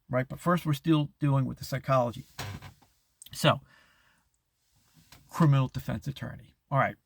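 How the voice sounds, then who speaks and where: A man's voice: mid-range voice, no echo. A middle-aged man hosting a casual monologue, rambling with restarts and chuckling as he acts out quoted voices. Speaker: host.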